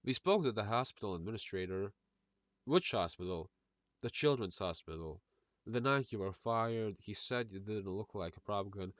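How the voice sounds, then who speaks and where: A man's voice: fairly low pitch, normal speed, a bit bright, dry recording. A man with an Eastern European accent reading a film script aloud for laughs, doing every part and stumbling over words with side comments. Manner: reads all parts in one voice, stumbling over words and adding asides. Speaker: script reader. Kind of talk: comedic script read-through.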